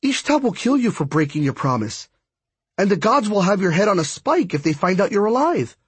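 A feisty shapeshifter girl from a storybook, sharp-tongued and quick to scoff, as a man puts her on. The voice sits well above a man's usual register and carries a husky edge. It is recorded close and dry. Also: sits high, wildly swooping pitch, no room sound, pitched above the performer's own voice, full character voice. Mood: alarmed. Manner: sassy, exasperated.

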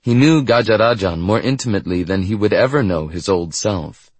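A man with a fairly low voice reads a novel aloud in a measured, steady way. The recording is dry and close, with no room sound. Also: breathy edge, dry recording. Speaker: audiobook narrator. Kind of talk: scripted narration.

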